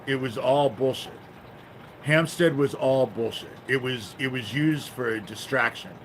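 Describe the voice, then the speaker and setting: A man's voice: mid-range voice, slight background noise, rough recording. A man hosting a livestream, ranting angrily and swearing a lot, often tagging his sentences with "you know?". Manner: profane, angry ranting; fills pauses with "you know?". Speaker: livestream host. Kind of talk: livestream monologue.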